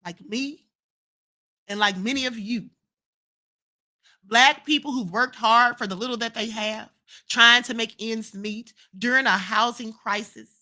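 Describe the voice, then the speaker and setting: Speaking into a streaming setup mic, a livestream host delivers fiery commentary in a slightly high, bright voice with a forceful tone. She leans on rhetorical questions and repeats lines for emphasis.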